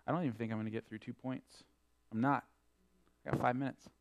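A man preaching a sermon, quoting scripture in old-fashioned wording and swinging between emphatic peaks and quieter asides. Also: fairly even intonation, fast. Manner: emphatic preaching, rising and falling in pitch and loudness. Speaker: pastor.

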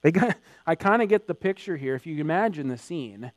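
Male pastor, slightly high voice, emphatic sermon delivery, dry sound with hum. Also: lively intonation, fairly quick, dry recording. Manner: emphatic preaching, swelling louder in acted quotes.

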